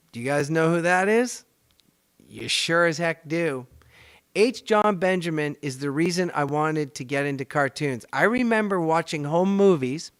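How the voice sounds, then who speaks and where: A middle-aged man from Canada chats and rambles with animated energy as host of his own show. His voice is smooth and fairly high for a man. The sound is close and dry. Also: no room sound. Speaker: podcast host and voice actor. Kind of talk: casual storytelling chat.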